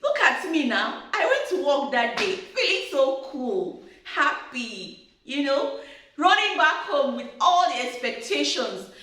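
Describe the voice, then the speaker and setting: A high-voiced woman tells her marriage story in a lively, sing-song way, laughing as she goes. She sounds chatty and warm to her listeners. Her voice rings out in a very echoey room. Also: slow. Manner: animated, chatty storyteller who laughs often. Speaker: marriage advice speaker. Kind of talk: storytelling advice talk.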